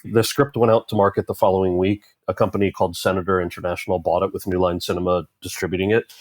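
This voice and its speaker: A man in his forties, an actor guest in an interview, telling stories in a conversational way and acting out quoted lines with animated jumps in pitch. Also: no room sound. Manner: animated, acts out quoted voices with rising pitch.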